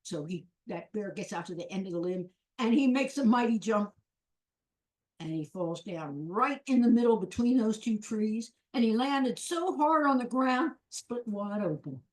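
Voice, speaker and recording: A woman's voice: medium pitch, lively intonation, moderate pace. A woman storyteller telling a folk tale live, with rhythmic repetition and playful sound words.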